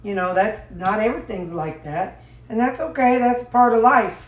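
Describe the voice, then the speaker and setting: In her home kitchen, a woman chats folksily with viewers as she cooks, in the style of a casual cooking vlog. Her medium-pitched voice is animated and moves at a moderate pace. The recording is echoey, with dish clatter and background noise.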